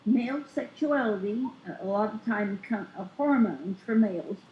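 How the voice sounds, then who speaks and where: A woman guest on a casual political talk show, speaking deliberately and emphatically. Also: medium pitch, a little hiss or hum. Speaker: guest analyst. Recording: echoey lo-fi call audio.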